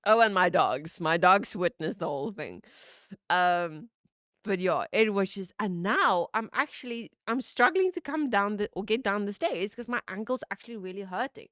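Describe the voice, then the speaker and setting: A woman in her thirties streaming from home, telling a story in an animated way, laughing and swearing. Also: normal speed, no room sound, clean studio sound. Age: 30s. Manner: animated, laughing, swearing, lively pitch jumps. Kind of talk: casual storytelling chat.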